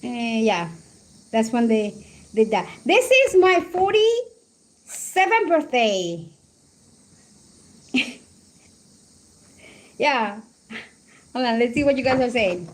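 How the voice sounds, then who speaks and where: A woman in her forties from Colombia with a high voice talks slowly as she hosts a live stream. She chats casually, laughs often and reminisces, reading comments from her chat between stories. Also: very animated. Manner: chatty, laughs often, reminiscing over photos. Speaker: livestream host.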